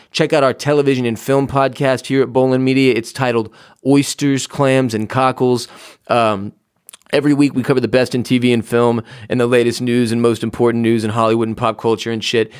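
A man records the casual outro of his solo podcast from his home office, rambling, joking, and swearing plenty. His medium-pitched voice is smooth and fairly quick with little pitch movement, captured in clean studio sound with no room sound.

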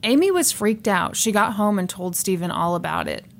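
A woman's voice: mid-range voice, animated, normal speed, vocal fry. A woman hosting a podcast, casually telling a true crime story, laughing often and swearing now and then.

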